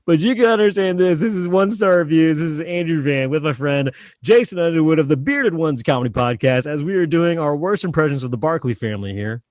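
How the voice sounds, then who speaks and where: A man's voice: a little high, lively intonation, brisk, hardly any pauses, no echo. Chatty guy hosting a comedy podcast, laughs a lot, dry mic. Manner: laughs often, chatty, restarts. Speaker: podcast host.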